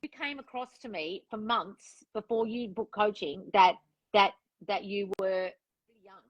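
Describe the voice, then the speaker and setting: A frank woman coaching a client one-on-one, talking at a mid pitch. She is direct, gives clear instructions and acts out inner thoughts. The sound is dry and close. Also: measured pace, no room sound, rough recording. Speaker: relationship and manifestation coach.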